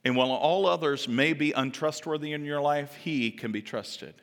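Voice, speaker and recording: A man preaching a sermon as a pastor, telling stories with animated delivery and acting out the people in them. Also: on the high side, normal speed, big-room sound. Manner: animated storytelling, acting out quoted voices. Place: church sanctuary.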